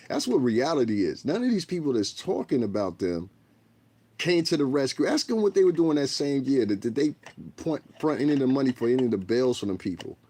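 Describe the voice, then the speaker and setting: A man's voice: mid-range voice, dark tone, dry recording. A man from the United States hosting a casual livestream from his bedroom, rambling frankly and profanely into a tablet. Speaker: livestream host.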